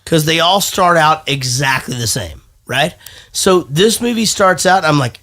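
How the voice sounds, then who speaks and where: Guy hosting a movie podcast, lively up and down voice, kinda high, swears a lot. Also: unhurried. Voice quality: profane, rambling. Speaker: podcast host. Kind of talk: casual movie review chat.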